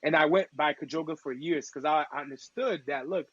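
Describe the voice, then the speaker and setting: A man from Togo talks as a guest on a casual podcast, with a fairly high voice. He keeps the talk loose and slangy and mimics the people he quotes. The recording sounds a little dull and very dry. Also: a little fast, fairly bright tone, husky, no room sound. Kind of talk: casual storytelling chat.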